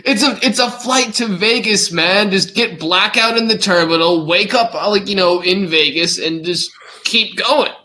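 A man in casual podcast chat, joking and animated, often stumbling over his words. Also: high-pitched, normal speed.

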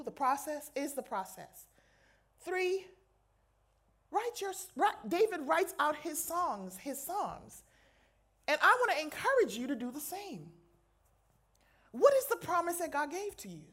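A woman's voice: high-pitched, fairly bright tone. A woman chaplain preaching a sermon to a live audience, conversational and playful with slangy asides. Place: lecture hall with an audience.

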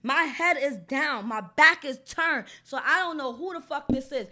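A woman's voice: high-pitched, animated, moderate pace, pushed and bright. A woman telling her own story casually, in a blunt, heated and heavily profane way. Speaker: storyteller recounting an assault.

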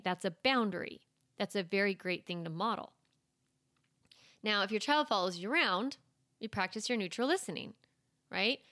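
A woman's voice: medium pitch, dry recording, clean studio sound. A woman hosting a parenting podcast, giving reassuring advice in a chatty, casual way. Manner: chatty, reassuring, lots of "like" and "you know". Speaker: parenting coach and podcast host.

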